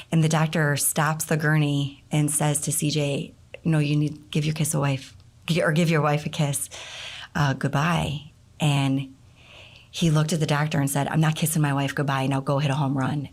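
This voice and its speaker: A middle-aged woman, a guest in an interview, telling a personal story in a casual, animated way, her voice leaping up when she acts out what people said. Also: deep voice, creaky. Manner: animated storyteller, voice jumps up for quoted outbursts. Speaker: interview guest, nonprofit founder.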